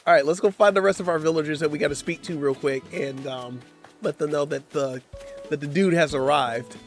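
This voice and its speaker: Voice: medium pitch, brisk, soft background music. A streamer giving casual live-stream gameplay commentary, playful and slangy, often laughing and teasing the chat. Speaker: game streamer.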